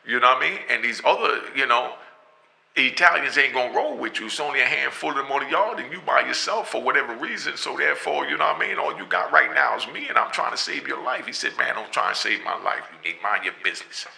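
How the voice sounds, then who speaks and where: A middle-aged man telling a story in a casual, animated way, often checking in with the listener. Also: medium pitch, fast, vocal fry, rough recording. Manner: animated, often asks "you know what I mean", laughs between lines.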